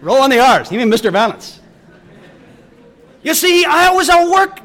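A man's voice: extremely high pitch, very animated, moderate pace, fairly bright tone. A middle-aged man preaching a sermon, telling stories and acting out the people in them with big swings in emphasis. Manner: storytelling with quoted voices and wide swings in emphasis.

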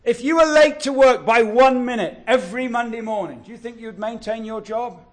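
A man preaching a sermon, earnest and exhortative, drawing out key words slowly. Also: very high voice. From England.

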